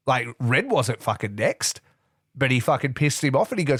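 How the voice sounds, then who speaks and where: A man's voice: mid-range voice, moderate pace, dry recording, clean studio sound. A man co-hosting a casual wrestling podcast, swearing freely and acting out other people's lines with lots of energy. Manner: swears a lot, animated, acts out wrestlers' lines. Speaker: podcast co-host.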